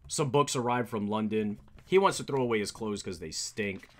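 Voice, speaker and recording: A man casually recapping a comic book, rambling and animated with many restarts. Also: on the low side, moderate pace. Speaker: comic book reader, streamer.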